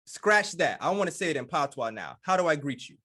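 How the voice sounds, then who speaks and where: A man's voice: on the high side, very animated, fairly quick, pushed and bright. Upbeat American man hosting a podcast. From United States. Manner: enthusiastic, frequent affirming interjections. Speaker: podcast host. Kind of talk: podcast interview.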